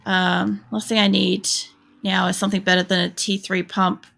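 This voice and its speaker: Aussie woman gamer rambling on stream, gravelly voice, kinda bright and sharp, swears a lot. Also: mid-range voice, little pitch movement, moderate pace. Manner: rambling and sweary, lots of fillers. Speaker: game streamer. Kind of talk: casual chat while gaming.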